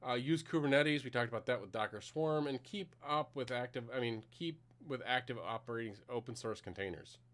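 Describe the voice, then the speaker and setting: A man's voice: mid-range voice, brisk, hardly any pauses, fairly bright tone. Man, middle-aged, conference presenter, plain conversational explaining, live demo.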